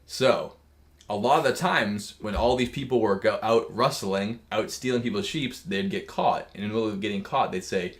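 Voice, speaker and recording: A man with a fairly low voice rambles through a crude tale for a podcast. He jokes and swears freely in loose, casual chat. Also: normal speed. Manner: joking, profane, rambling storyteller. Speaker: podcast co-host.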